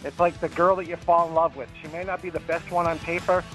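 A man with a Boston accent calling in to a radio show, making his case earnestly with halting restarts. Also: on the high side, fairly even intonation, fairly bright tone, faint music behind. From New Hampshire. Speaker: caller. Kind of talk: call-in radio talk. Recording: dull phone-line call audio.

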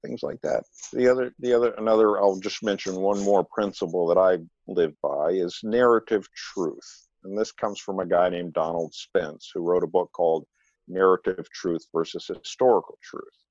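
Low voiced guy explaining therapy stuff calmly, tells little stories w quotes, dry muffled sound. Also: no echo. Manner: measured, tells anecdotes with quoted dialogue. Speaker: psychotherapist guest. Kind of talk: thoughtful conversational explanation.

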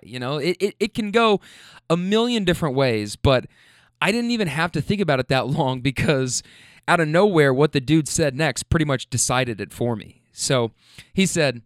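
A man with a fairly high, smooth, clear voice tells a rideshare story in a casual way. He is candid and profane and laughs easily. The sound is dry and close, with no room heard. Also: expressive, normal speed, no room sound. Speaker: rideshare driver telling a story.

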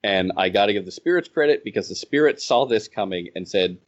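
A man telling stories from running his game in a casual podcast chat, animated and laughing as he goes. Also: lowish voice, fairly quick. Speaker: game designer and organizer. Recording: slightly dull, lo-fi audio.

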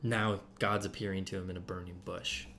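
Low-voiced man teaching casually. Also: little pitch movement, a little fast, sharp tone, slight background noise. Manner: conversational, loose, many fillers and restarts. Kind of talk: casual Bible teaching to a group.

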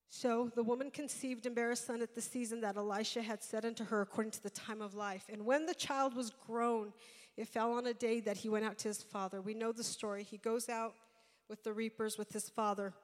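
A fairly high-voiced woman preaching a sermon, retelling a Bible story in a storytelling way that builds to loud, passionate preaching. Her voice rings through a church sanctuary with a long echo. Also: steady tone, fairly quick.

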